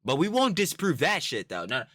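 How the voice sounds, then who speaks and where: Bright-voiced dude ranting, swears a lot, rambles, dry close sound. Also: male voice, a little high, wildly swooping pitch, a little fast, no echo. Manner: profane, rambling, slangy rant. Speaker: commentary YouTuber. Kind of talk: casual reaction commentary.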